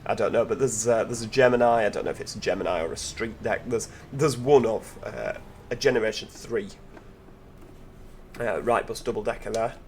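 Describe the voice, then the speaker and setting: A man's voice: fairly low pitch, normal speed, slight background noise. A man hosting a gameplay video, commentating with enthusiasm as he drives and chatting to the in-game passengers. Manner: enthusiastic, chatty, full of tag questions; talks to in-game passengers while driving. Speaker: gaming channel host.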